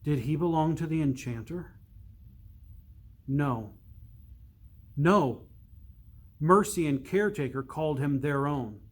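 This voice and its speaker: A priest reading a storybook aloud, slow and measured, dropping to a hush for suspense. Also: male voice, fairly high pitch, lively intonation.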